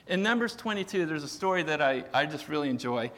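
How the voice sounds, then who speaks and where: A man's voice: fairly high pitch, animated, fast talker, fairly bright tone, big-room sound. A man preaching a sermon in a casual storytelling way, with self-deprecating humor. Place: church sanctuary.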